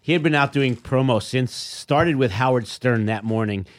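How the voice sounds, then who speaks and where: A man's voice: mid-range voice, normal speed. A middle-aged man, a podcast guest, telling a story in casual chat and acting out what people said. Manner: animated storyteller, acts out quotes.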